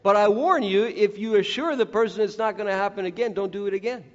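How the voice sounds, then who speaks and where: A man's voice: high voice, quick pace. A man preaching a sermon, earnest and direct, who acts out the voices he quotes. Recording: echoey hall, dull lo-fi sound.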